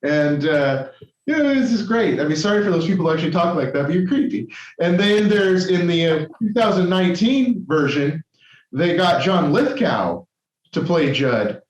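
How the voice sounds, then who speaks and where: Man, podcast co-host, casual rambling chat, many restarts, tired, slightly high voice, roomy lo-fi sound. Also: animated, normal speed. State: tired and caffeinated.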